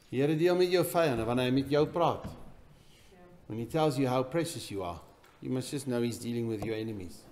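A man preaching a sermon in a church, swinging between loud emphatic bursts and quiet, intense passages. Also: medium pitch, a little hiss or hum. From South Africa. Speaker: pastor.

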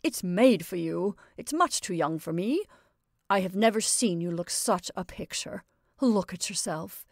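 A woman's voice: medium pitch, expressive, unhurried, creaky, dry recording, studio quality. A woman reading aloud, voicing a genteel middle-aged mother who talks in an airy, patronizing way.

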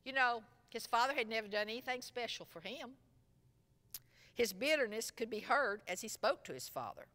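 A woman teaches a Bible lesson, retelling a story with plenty of expression. Her pitch rises and falls freely. A long reverb hangs behind her voice, as in a large room. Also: lively intonation, moderate pace, pushed and bright. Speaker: Sunday school teacher.

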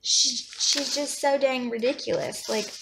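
A young adult woman chats to her vlog audience in a gushing, effusive way, stumbling over her words as she restarts. Her voice carries a gravelly fry. A clear hiss of noise sits under the home recording. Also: mid-range voice, steady tone, a little slow. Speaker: vlogger. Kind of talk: casual chat.

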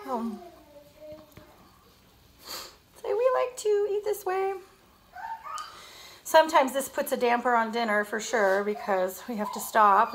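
Mom cooking vlogger, high bright chatter, noisy home recording. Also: female voice. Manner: chatty, cooing, baby-talk asides. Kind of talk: casual cooking vlog chat. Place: home kitchen. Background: baby crying.

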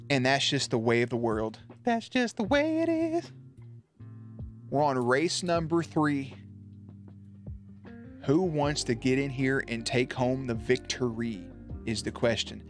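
Young man, livestream commentary, bouncy swooping voice, playful swearing, faint music behind. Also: mid-range voice. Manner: hyped, playful, swearing, sportscaster-style calls. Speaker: streamer commentating marble races.

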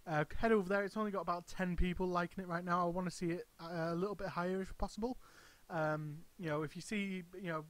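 A man with a fairly high voice talking straight to camera in a loose, rambling vlog style. He stumbles and restarts often, thinking aloud as he goes. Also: steady tone, fast, few pauses. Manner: rambling, hesitant, frequent restarts. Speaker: wrestling channel host. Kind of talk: casual vlog commentary.

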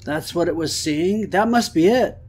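A man giving excitable let's-play commentary on a horror game, swearing and talking to the game. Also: high-pitched, moderate pace, breathy edge. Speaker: gamer.

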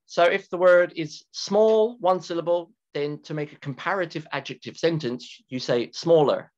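A man teaching an English grammar lesson to students, talking slowly and deliberately, repeating key words and stretching them for emphasis. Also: on the high side, a little mellow. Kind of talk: recorded classroom grammar lecture. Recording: dull lo-fi lecture recording with keyboard typing.

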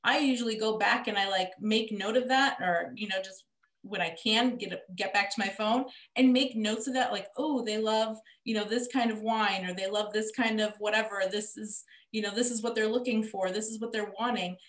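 A woman hosting a podcast, chatting casually with lots of fillers and getting animated. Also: mid-range voice, a little fast. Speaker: podcast host. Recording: echoey room.

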